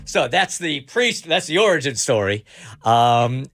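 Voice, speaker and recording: Animated male radio host telling a story. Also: mid-range voice, unhurried, no room sound, clean studio sound. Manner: animated storyteller, playful, building suspense. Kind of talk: casual morning show storytelling. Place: radio studio. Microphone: studio mic.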